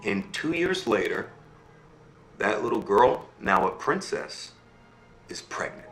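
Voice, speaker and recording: A man's voice: medium pitch, takes it slowly, gravelly, reverberant, soft background music, poor audio. A man telling a fairy tale to listeners, checking in with them as he goes. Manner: animated, checks in with listeners ("okay?", "right?"). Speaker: storyteller. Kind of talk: oral storytelling.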